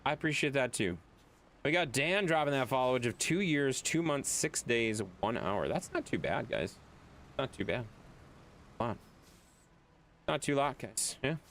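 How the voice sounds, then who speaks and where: A man's voice: mid-range voice, a bit bright. A man streaming a video game, chatting casually with viewers, reading their chat aloud and laughing often.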